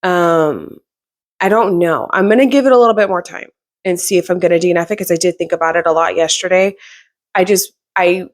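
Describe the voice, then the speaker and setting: A woman's voice: fairly low pitch, fairly quick. A young adult woman chatting casually about books she has read, rambling with fillers and restarts. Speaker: book reviewer. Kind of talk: casual book review chat.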